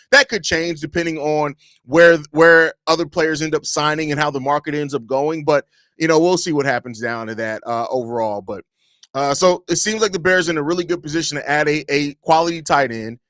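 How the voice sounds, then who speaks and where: A man hosting a solo sports podcast, shifting from casual talk into profane, exasperated rants with mocking shouts and laughs. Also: a little high, no echo. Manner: laughs between lines, repeats himself. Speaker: podcast host.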